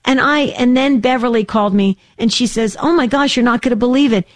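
A woman in her sixties, co-hosting a casual radio show, telling a story with animated, acted-out voices. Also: fairly high pitch, a little fast, no room sound. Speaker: co-host.

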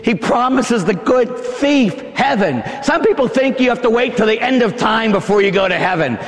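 A man preaching a dramatic sermon, impassioned, acting out the scene with shouts and gasps. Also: very high voice, expressive, moderate pace, few pauses. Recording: long hall reverb.

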